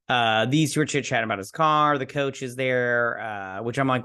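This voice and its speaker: A man's voice: mid-range voice, moderate pace, bright, forceful tone. A man hosting a casual TV episode recap, rambling and acting out the characters' lines as he retells them. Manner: rambling, acts out dialogue with "she's like". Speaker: host.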